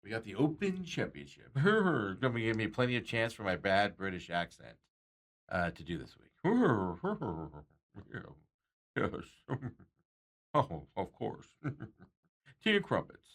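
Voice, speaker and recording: Unhurried and very animated, a man with a lowish voice hosts a sports talk show about betting. He rambles casually, chuckling often as he reads out comments from viewers.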